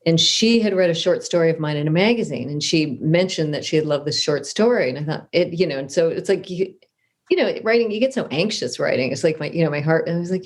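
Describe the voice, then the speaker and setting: Chatty middle-aged woman, low voice. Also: quick pace. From Southern California. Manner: chatty, self-deprecating, frequent restarts and "you know". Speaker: author guest. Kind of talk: conversational interview storytelling.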